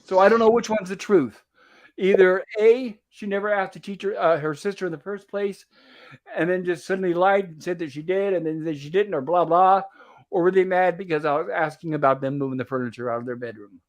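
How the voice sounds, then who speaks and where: A man's voice: high-pitched, steady tone, fairly quick. A man hosting a casual livestream chat, telling a rambling story and repeating "I said" as he recounts a conversation. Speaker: host.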